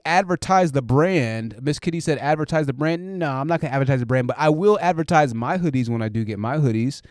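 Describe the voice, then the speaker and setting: A man's voice: mid-range voice, no room sound. Male streamer, casual and rambling, mid-range voice, dry home podcast-mic sound. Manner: relaxed, rambling explainer with frequent fillers. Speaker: live stream host. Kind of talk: casual live chat, reading viewer comments. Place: home room with hoodies hung up to absorb sound. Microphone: dynamic podcast mic through a preamp.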